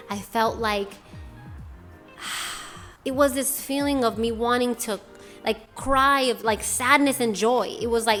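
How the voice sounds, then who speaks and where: A young woman from Boston hosts her own channel and shares a personal testimony in loose, chatty talk. She rambles and drops "like" into almost every sentence. Her voice sits at a middling pitch, with soft music faint in the background. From Boston, USA. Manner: casual, rambling, many fillers like "like". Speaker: channel host.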